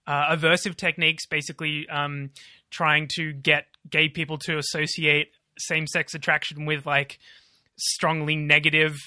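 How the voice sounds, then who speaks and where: A sardonic man co-hosts a podcast, his voice a touch high and very bright. He explains the news in a casual, dryly ironic way. The sound is close and free of room echo. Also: flat delivery, normal speed. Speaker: podcast co-host.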